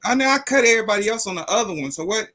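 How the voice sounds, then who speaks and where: A man's voice: high-pitched, animated, racing, bright, forceful tone. A man hosting a casual live stream, flustered and frustrated as he struggles with the tech while talking to his chat.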